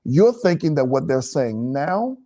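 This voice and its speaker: Man, preachy, emphatic, animated pitch, warm dark tone. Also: measured pace. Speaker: pastor and co-host. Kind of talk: relaxed teaching chat.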